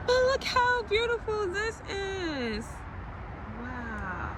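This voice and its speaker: High-voiced woman filming herself in a park, chatty and excited, loud city noise behind. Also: extremely slow. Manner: excited, chatty, exclaims at views. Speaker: vlogger. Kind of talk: casual vlog while walking. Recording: outdoor phone audio with clear city noise.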